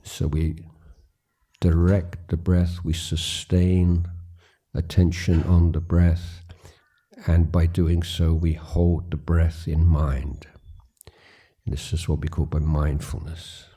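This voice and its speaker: A man in his later years leading a guided meditation, speaking slowly and haltingly with pauses and fillers. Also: sits low, level tone, dark tone, breathy edge. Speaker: meditation teacher. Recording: recorded at a retreat.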